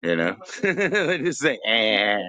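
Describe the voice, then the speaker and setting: Man, low-pitched, rambling profane casual chat, dry close sound. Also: lively intonation, unhurried, fairly bright tone, no echo. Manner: profane, rambling, laughs often. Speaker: live stream host.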